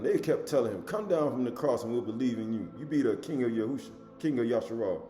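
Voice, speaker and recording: A man preaching a sermon, reading scripture loudly and dropping to low asides, with casual rhetorical questions to his listeners. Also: lively intonation, quick pace, roomy sound, soft background music. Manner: swings between loud emphatic reading and low murmured asides.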